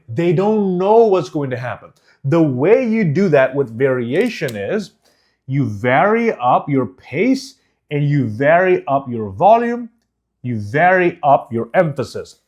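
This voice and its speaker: A man coaching public speaking, teaching with emphatic, direct demonstrations that swing from loud to whispered and from fast to slow. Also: a little high, big pitch swings. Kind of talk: teaching course.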